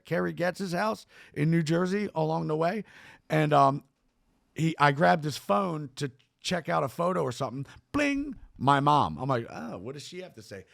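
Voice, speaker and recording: A man telling a long story as a podcast guest, rambling, swearing and animated. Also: on the high side, gravelly, no room sound, clean studio sound. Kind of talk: storytelling in casual talk.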